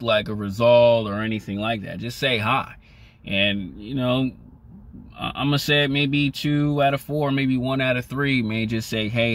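A young man vlogging casually to the camera, rambling with many "you know" fillers in a laid-back conversational way. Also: a bit bright. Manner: laid-back and conversational, pitch rises when acting out lines.

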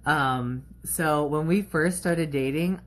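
A man's voice: on the high side, slow pace, a bit bright. A young man, a drag performer, chatting playfully while doing his makeup at home on a phone livestream, laughing often. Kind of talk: casual livestream chat.

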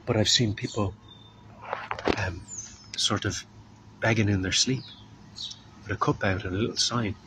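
A man giving an informal, earnest sermon as a street preacher, unhurried and drawing out his words, sometimes acting out the voices of people he quotes. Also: on the low side, fairly even intonation, noisy background.

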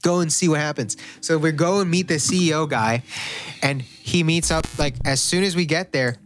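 A man's voice: a little high, moderate pace. Profane young man telling a story. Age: young adult. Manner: loose, profane, animated retelling. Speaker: podcast co-host. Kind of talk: casual storytelling chat.

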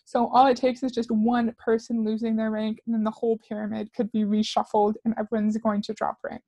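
A woman's voice: a little high, completely flat delivery, brisk, dark tone, dry recording. A woman commentator reacting to clips with sarcastic, skeptical remarks. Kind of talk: critical commentary.

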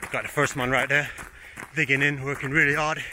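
A man's voice: medium pitch, flat delivery, fairly quick. A man with a British accent, slightly out of breath, filming a fitness run outdoors on a handheld camera and calling out encouragement to the runners. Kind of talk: outdoor vlog with shouted encouragement. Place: outdoors on a running route. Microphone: handheld camera while running. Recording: noisy outdoor recording.

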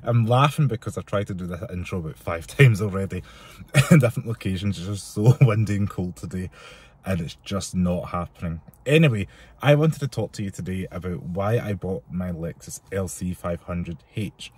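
Deep, husky man vlogging. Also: normal speed, a little mellow. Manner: chatty, rambling, with laughs. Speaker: car vlogger. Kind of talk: casual chat. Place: outdoors in wind and cold.

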